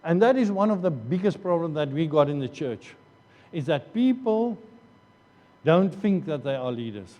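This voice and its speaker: A man's voice: a little high, expressive, normal speed, dark tone, dull audio. A man preaching a sermon as pastor, earnest, often repeating phrases and restarting. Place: church hall. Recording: long church hall reverb.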